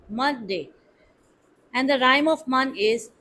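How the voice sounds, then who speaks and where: A woman's voice: sits high, animated, a little slow, rough recording. A woman teaching pronunciation, drilling words one at a time and repeating each syllable. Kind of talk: slow, deliberate pronunciation lesson.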